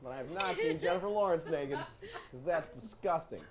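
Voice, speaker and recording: A man's voice: on the high side, a little fast, a crowd in the background. A man hosting a live improv comedy show, joking and laughing as he sets up the games. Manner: joking, animated, laughing often.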